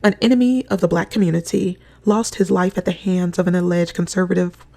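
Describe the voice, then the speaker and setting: A commentator delivering scripted political commentary in a measured, sarcastic, preaching tone. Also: mid-range voice, steady tone, creaky, dark tone.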